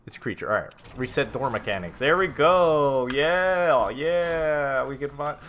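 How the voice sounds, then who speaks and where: A man casually commenting on a game as he plays, reading notes aloud, swearing and reacting loudly. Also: medium pitch, lively intonation, unhurried, a little hiss or hum. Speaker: gameplay streamer. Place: home room with a cat.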